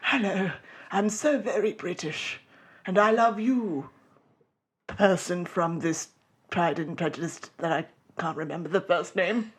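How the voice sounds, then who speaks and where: A woman's voice: lowish voice, unhurried, husky. A woman putting on an overdone fake British accent to play a mock-romantic leading man.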